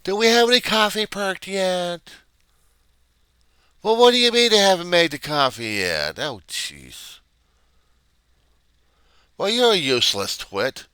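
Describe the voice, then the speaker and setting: A man's voice: high-pitched, lively intonation, unhurried, long pauses, bright, forceful tone, smooth, no room sound, voice pushed up, heavily acted. A man voicing a bored, dismissive insurance authorization clerk who talks down to a caller in a sarcastic tone. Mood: snippy.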